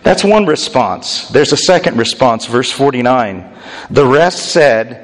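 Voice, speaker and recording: A man's voice: animated, measured pace. Preaching man in an echoing hall. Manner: expository, rising to emphatic pitch when quoting. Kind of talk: sermon.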